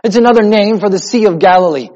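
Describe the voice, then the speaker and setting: High-voiced man preaching in a hall. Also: fast talker. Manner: emphatic preaching with repetition, drops to a soft voice in prayer. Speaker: pastor. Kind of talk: sermon. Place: church sanctuary. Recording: muffled sound in a reverberant hall.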